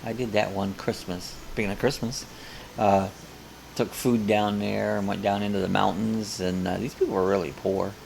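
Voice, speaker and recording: A man's voice: on the low side, flat delivery, moderate pace, creaky, a little mellow, slight background noise. An older man hosting a live coffee chat, casually reading viewer comments aloud and rambling between them.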